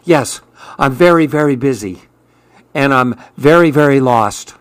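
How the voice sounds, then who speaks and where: Man voicing a brisk, bothered storybook pigeon, hurried and huffing, slightly low. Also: smooth, no echo, natural voice. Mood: impatient. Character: busy huffy male pigeon, brisk and impatient.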